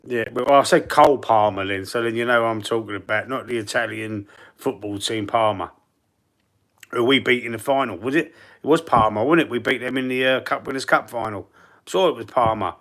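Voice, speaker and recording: A man's voice: mid-range voice, a little fast, fairly bright tone. A man with a Cockney London accent, chatting casually and rambling on a live football fan stream, reading out the chat.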